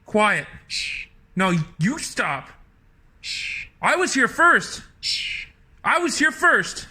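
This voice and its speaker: Guy out on his deck, super high bright voice, slow, exasperated and acting tough, yelling a lot. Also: very animated, breathy edge. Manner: exasperated, mock-tough bravado, frequent shouting. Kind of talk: casual talk to a bird. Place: outdoors on a home deck.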